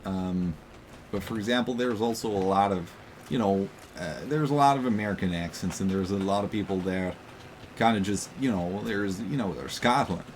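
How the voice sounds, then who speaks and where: A man rambles through a relaxed gameplay chat, joking and circling back with lots of ums. His voice sits somewhat low, with a light hiss behind it. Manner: rambling, joking, full of fillers. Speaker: co-host gaming commentator.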